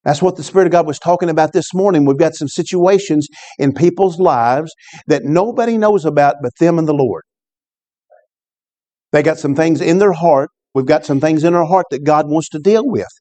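A man preaching from the pulpit. His voice sits somewhat high for a man yet stays mellow and warm. He drops in asides that call on the congregation to answer. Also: normal speed. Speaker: pastor. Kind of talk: sermon.

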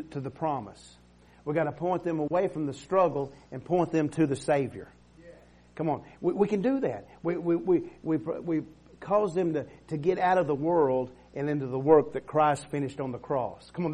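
Middle-aged man, pastor preaching with call-and-response energy; voice sits a bit high. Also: normal speed, dark tone, breathy edge. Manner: preaching with call-and-response, frequent amens and restarts. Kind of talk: sermon.

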